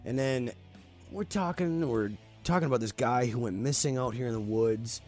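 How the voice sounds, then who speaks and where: A man's voice: mid-range voice, normal speed, darkish tone, faint music behind. A man casually telling a spooky story on a podcast, swearing freely and talking animatedly.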